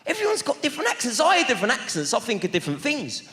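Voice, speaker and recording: A man's voice: very high-pitched, wildly swooping pitch, very fast. A man doing stand-up, bantering brashly with the audience in a large theatre. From London. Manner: brash, mock-welcoming banter with the crowd. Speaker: stand-up comedian. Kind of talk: stand-up crowd work. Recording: big echoey hall with loud crowd. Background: audience laughter.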